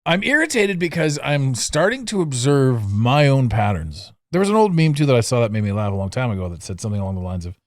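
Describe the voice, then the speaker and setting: This middle-aged solo podcaster talks quickly with hardly any pauses, teasing himself and laughing, shifting abruptly between loud bursts and low asides. Recorded audio-only on a studio mic, the sound is clean with no room sound.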